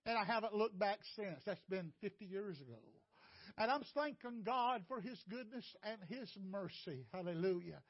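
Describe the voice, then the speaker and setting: Older male preacher, high voice, emotional testimony with cries and hush, dry muffled feed. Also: expressive, moderate pace, no echo. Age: 60s. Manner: impassioned, rising to near-shouts and breaking toward tears. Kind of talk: testimony sermon.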